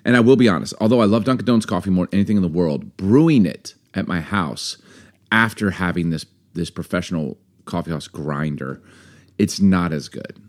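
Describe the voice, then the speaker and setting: Casual podcast co-host, male, lower register, chatty and animated storyteller. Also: fairly quick. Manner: animated storytelling, acts out quoted voices. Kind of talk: casual chat.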